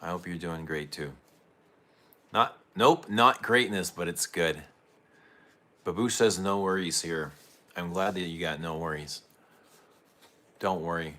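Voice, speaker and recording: Low, bright-voiced man hosting a livestream. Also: unhurried, long pauses. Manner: chatty, greets viewers and reads their comments aloud. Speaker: perfume livestream host. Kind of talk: casual livestream chat with viewers.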